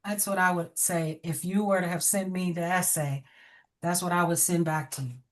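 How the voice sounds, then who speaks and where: A woman's voice: lowish voice, steady tone, moderate pace. A middle-aged woman teaching over a video call, giving direct, encouraging feedback with frequent laughter. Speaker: educator. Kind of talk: online class feedback.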